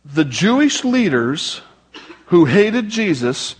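Pastor, male, high and husky; conversational sermon delivery with joking asides. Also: sing-song, slow.

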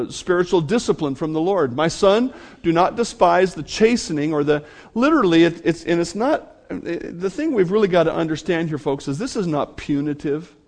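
A man's voice: a little high, a little mellow. A man preaching a sermon to his congregation, speaking earnestly and addressing them directly. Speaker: pastor.

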